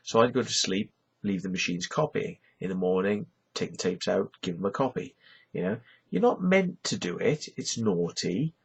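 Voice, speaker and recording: Gravelly Welsh man rambling to camera. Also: fairly low pitch, sing-song, normal speed. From Wales. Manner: chatty and rambling, full of "you know". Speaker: YouTuber. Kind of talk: casual rambling monologue.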